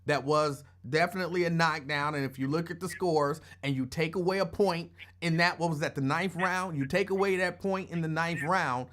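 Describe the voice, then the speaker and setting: A man hosting a casual sports talk, explaining his view in a measured way. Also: fairly high pitch, fairly bright tone, a little hiss or hum. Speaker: host.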